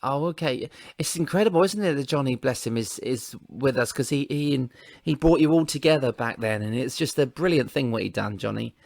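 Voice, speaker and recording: A man's voice: mid-range voice, expressive, brisk, gravelly, a little mellow, no room sound, studio quality. A man hosting an interview, laughing often and prompting his guest with encouraging questions. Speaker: podcast host interviewer. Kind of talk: friendly interview chat.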